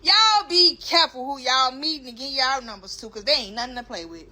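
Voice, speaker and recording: A young woman telling a story to camera in an emphatic, animated way, stretching words for effect. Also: sits high, a little fast.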